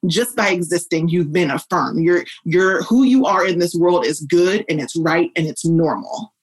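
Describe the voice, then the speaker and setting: Earnest woman with a husky voice. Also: moderate pace, low-quality recording. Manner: earnest, lively, shifts pitch up when quoting others. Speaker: guest, educator. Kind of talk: podcast interview answer.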